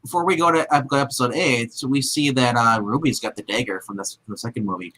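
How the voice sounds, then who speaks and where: A man co-hosting a podcast, chatting excitably about TV episodes and slipping into character impressions. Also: mid-range voice, fast talker, a little hiss or hum. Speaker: podcast co-host reviewing TV episodes. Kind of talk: casual review chat.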